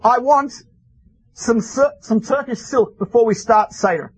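A man's voice: very high-pitched, a little slow, breathy edge, heavily acted. A man voicing a stubborn elderly rabbi who speaks firmly and insistently. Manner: firm, insistent.

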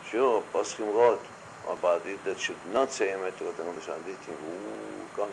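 A man leading a casual religious study discussion, talking haltingly with many fillers and quoting blessings aloud. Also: low voice, noisy background.

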